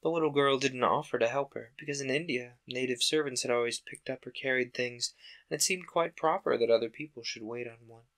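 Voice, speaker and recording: A man host reading a classic children's book aloud in a calm, steady narration. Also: medium pitch, fairly quick. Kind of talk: audiobook-style narration.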